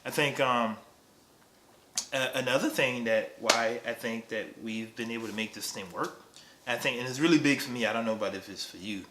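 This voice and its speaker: Man, 30s, husband, teasing and playful, lots of ums, bright tone, roomy echo. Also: mid-range voice, brisk, a little hiss or hum. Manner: teasing, playful, full of laughs and filler words. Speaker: husband on a couples channel. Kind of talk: casual couple chat. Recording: echoey room.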